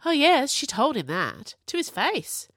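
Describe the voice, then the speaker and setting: A woman voicing a sharp-tongued, fiercely loyal young witch who talks briskly and teases. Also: high voice, huge pitch swings, no room sound, studio quality, pitched above the performer's own voice, heavily acted. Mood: lively.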